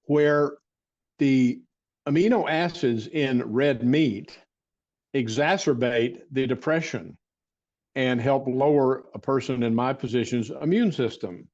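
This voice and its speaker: Older man telling stories, clearing his throat. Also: medium pitch, slow pace, a little mellow, highs cut off. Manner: rambling, frequent throat clearing and restarts. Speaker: interview guest, martial arts teacher. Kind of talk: storytelling in an interview.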